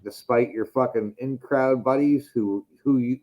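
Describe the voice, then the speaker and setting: A man's voice: medium pitch, measured pace, dark tone. A man hosting a casual podcast chat, rambling and swearing heavily. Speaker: podcast host.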